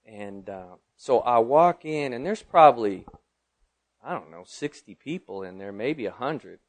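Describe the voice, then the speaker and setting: A middle-aged man preaching a sermon, moving from loud declarations to quiet personal storytelling. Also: medium pitch, expressive, unhurried. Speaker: pastor.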